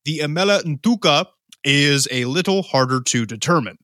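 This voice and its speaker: A man's voice: fairly high pitch, animated, moderate pace, pushed and bright, no room sound, clean studio sound. A man co-hosting a podcast in casual, profane, joking chat, leading the conversation on the topic. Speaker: podcast co-host.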